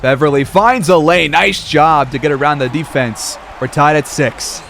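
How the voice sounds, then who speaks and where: A man's voice: a little high, moderate pace, vocal fry, a bit bright, a little hiss or hum. A man calling a simulated basketball game play-by-play like a sportscaster, with casual asides. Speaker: gaming video creator.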